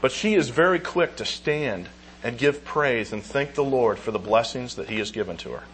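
A man giving an earnest, emotional church talk, reading scripture aloud and pausing with halting restarts. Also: medium pitch, expressive, fairly bright tone, slight background noise, poor audio.

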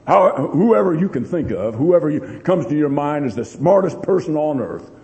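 A man's voice: fairly high pitch, sing-song, normal speed, dark tone. A man preaching a sermon, telling a story with lots of repeats and strong rising and falling emphasis. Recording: long hall reverb.

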